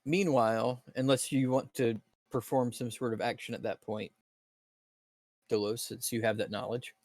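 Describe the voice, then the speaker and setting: A man narrating as dungeon master of a tabletop game, descriptive and halting, with fillers and restarts. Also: mid-range voice, fairly even intonation, a little mellow, no echo.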